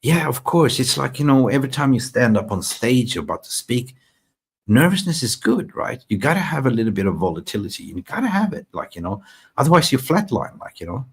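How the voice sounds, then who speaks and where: Man from Sweden, fan stream host, chatty, excitable, live chat style. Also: mid-range voice, brisk, vocal fry, slightly rough. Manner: excitable, chatty, reads comments aloud. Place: in Thailand.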